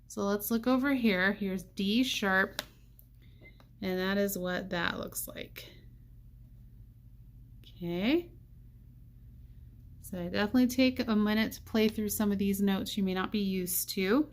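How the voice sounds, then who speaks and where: A woman teaching a saxophone part, thinking aloud and counting rhythms out loud. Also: medium pitch, steady tone, unhurried, long pauses. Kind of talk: music lesson walkthrough.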